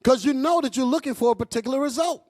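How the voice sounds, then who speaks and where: A man preaching a fiery, profane sermon to his congregation, calling out to them as he goes. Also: fast. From United States. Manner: loud, animated, swings high and low, profane, asks crowd "y'all all right?".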